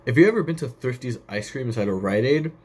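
A man's voice: mid-range voice, lively intonation, fast talker, darkish tone, husky. A young man hosting a casual solo podcast, rambling off on tangents and swearing casually. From United States. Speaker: podcast host.

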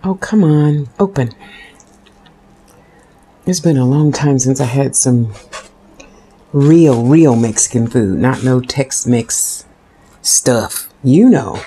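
A woman's voice: rumbling low, animated, slow pace, pauses often, mellow, slight background noise. A woman vlogger chatting casually while eating and talking with her mouth full. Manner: talks with mouth full, chewing and smacking. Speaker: food vlogger.

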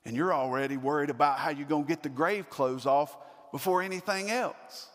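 A man's voice: a little high, fairly quick, a bit bright, in a large hall. A man preaching a sermon as pastor, building to emphatic repeated questions. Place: church sanctuary.

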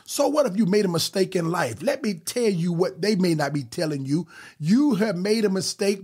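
A man preaching a fervent podcast sermon, exhorting listeners with quick bursts and drawn-out emphasis. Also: sits high, a little mellow, husky.

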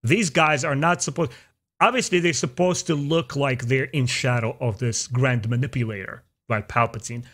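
A man hosting a podcast, chatting casually and opinionatedly, his pitch jumping up for emphasis. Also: normal speed. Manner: opinionated, animated, jumps into high pitch for emphasis. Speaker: podcast host. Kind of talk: casual chat.

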